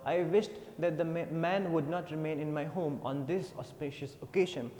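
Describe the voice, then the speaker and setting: A fairly high-pitched male voice, warm in tone and fairly even in intonation, moves at a moderate pace. The speaker has an Indian English accent and explains a story in an English class by reading it aloud and retelling it with many fillers, captured with long reverb.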